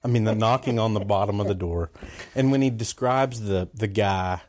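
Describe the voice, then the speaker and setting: A man's voice: on the low side, normal speed, a little mellow. A man in casual chat, amused as he recalls the funny parts of a story.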